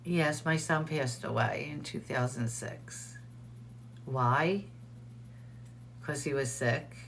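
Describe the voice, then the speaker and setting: A woman's voice: a bass voice, takes it slowly, creaky, fairly bright tone, a little hiss or hum. A middle-aged woman hosting a casual livestream, telling stories in quoted dialogue and answering viewers in the chat by name. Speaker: host of a livestream show. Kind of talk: casual live-stream chat.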